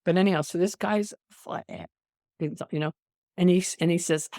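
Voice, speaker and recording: An older woman with a gravelly, creaky edge tells stories in a close, dry recording. She is an animated storyteller, laughing as she goes and restarting her sentences as a veteran nurse guesting on a podcast. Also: fairly low pitch, measured pace, no room sound. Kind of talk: casual storytelling interview.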